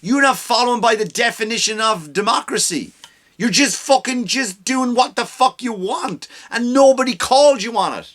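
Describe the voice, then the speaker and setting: A man's voice: very high-pitched, animated, normal speed, a bit bright. A man hosting a comedy podcast, ranting with heavy swearing and sarcasm, often mocking people in put-on voices. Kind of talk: profane comedic rant.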